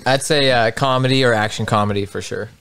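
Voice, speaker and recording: A man co-hosting a podcast, joking around with friends and quick to laugh. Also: mid-range voice, fairly even intonation, a bit bright, clean tone. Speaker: podcast co-host. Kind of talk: casual chat.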